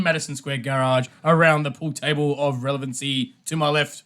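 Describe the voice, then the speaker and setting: A man's voice: on the high side, flat delivery, a little fast, few pauses, fairly bright tone, soft background music. A man hosting a casual podcast chat, joking and putting on mock French greetings. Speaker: podcast host. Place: home recording space.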